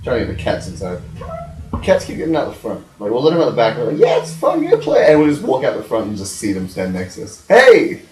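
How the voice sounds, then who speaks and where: Lively jokey young man, echoey room. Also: fairly low pitch, fast. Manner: laughs often, jokey. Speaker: podcast host. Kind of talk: casual chat. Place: home room.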